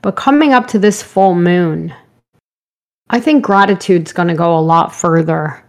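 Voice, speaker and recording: A woman hosting a live-streamed spiritual talk, her voice slightly hoarse, rambling gently and greeting viewers by name. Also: fairly low pitch, measured pace. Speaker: spiritual show host.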